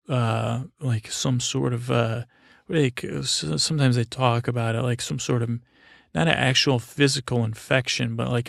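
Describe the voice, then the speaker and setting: A man telling an improvised, absurd bedtime story in a halting, deadpan way full of fillers and restarts. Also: medium pitch, vocal fry, dry recording, clean studio sound.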